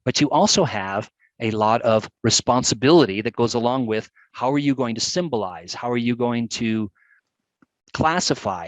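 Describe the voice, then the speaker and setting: A man presenting a live webcast, talking through examples with chatty enthusiasm and lively emphasis. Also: medium pitch, no room sound, rough recording.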